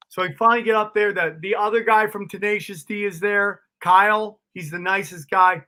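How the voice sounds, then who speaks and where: A middle-aged man, a comedian guest, telling stories in a casual interview, animated and swearing freely, calling people dude and bro. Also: high-pitched, normal speed, few pauses.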